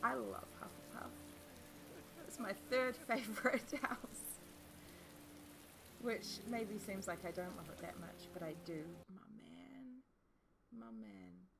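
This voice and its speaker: A woman's voice: medium pitch, unhurried, gravelly, pauses often. A woman with a New Zealand accent, chatting and joking as she plays through a video game. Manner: chatty, swears, jokes at the screen. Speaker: let's play host. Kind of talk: casual gameplay commentary.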